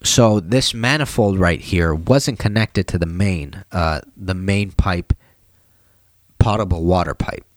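A man's voice: low-pitched, slow pace, dry recording. A tired man vlogging casually about his plumbing work, chatty and slangy. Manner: chatty, slangy, animated when retelling. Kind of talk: casual vlog talk.

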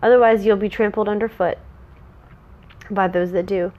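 A woman's voice: mid-range voice, steady tone, normal speed, dull audio. A woman reading a fantasy story aloud in a casual way, sometimes breaking off to chat. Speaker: story reader.

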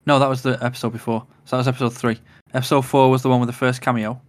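A relaxed man chatting on a podcast, swearing casually and correcting himself mid-thought. His voice sits at a mid pitch. The recording is dry and close. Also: racing, no echo. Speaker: podcast co-host. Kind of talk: casual chat.

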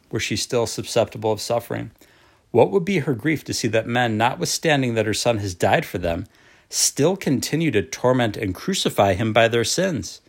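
Man, fairly low voice, devotional reading, slow, measured, solemn. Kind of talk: reading a devotional book aloud.

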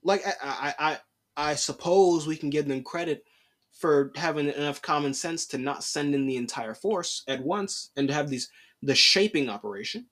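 A young man delivers solo podcast commentary in an exasperated, slangy, casual way, repeating lines for emphasis. His voice sits a little high. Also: normal speed, a bit bright. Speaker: podcast host.

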